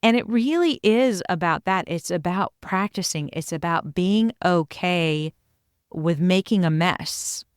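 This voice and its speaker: A woman's voice: lowish voice, unhurried, clear, resonant tone, dry recording, clean studio sound. A woman co-hosting a parenting podcast, speaking in an earnest, encouraging and casual way. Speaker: podcast co-host, parenting coach. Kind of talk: casual conversational explanation.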